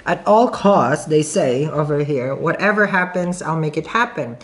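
A woman's voice: low voice, lively intonation, normal speed. A woman with a non-native accent giving a casual tarot reading to camera, chatty and giggly, thinking aloud with many restarts. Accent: non-native English accent. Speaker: tarot reader.

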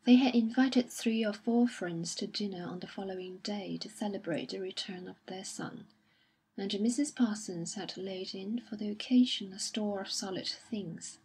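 Woman narrating an old novel, super breathy airy voice, soft and measured. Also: mid-range voice, poor audio. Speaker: audiobook reader. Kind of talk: scripted narration.

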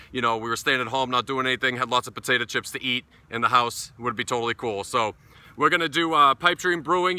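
A middle-aged New England man with a sharp-toned, mid-range voice and a local accent sits out in his backyard reviewing a beer. He's casual, blunt, profane and sarcastic about it.

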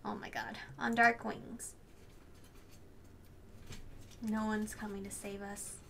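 A woman reading a visual novel aloud and reacting in an excitable, gushing way, swearing and laughing at the story. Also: mid-range voice, slow, vocal fry, a little hiss or hum. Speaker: let's play host.

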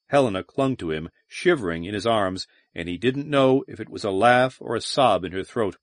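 A man reading a science-fiction adventure aloud as an audiobook narrator, steady and measured. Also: on the low side, no echo, clean studio sound. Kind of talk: scripted narration.

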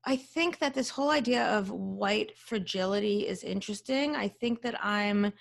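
A woman's voice: medium pitch, normal speed, gravelly. A woman podcast host and psychologist talking candidly in casual conversation, swearing freely, with many fillers.

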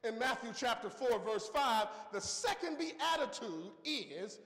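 A man with a strikingly high voice preaches a sermon. He tells folksy stories and keeps asking the congregation "okay?". The sound rings around a big church hall with a long reverb. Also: expressive, a little slow, a bit bright. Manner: folksy storytelling with frequent "okay?" check-ins. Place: church sanctuary.

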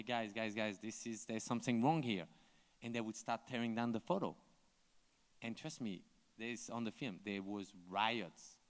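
A man from France with a French accent, animatedly telling stories on stage at a live talk and acting out other people's lines. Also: fairly low pitch. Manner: animated, acts out others' dialogue, laughs often. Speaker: invited artist on a panel. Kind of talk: live onstage storytelling. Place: large museum auditorium before an audience. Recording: long hall reverb from a live auditorium.

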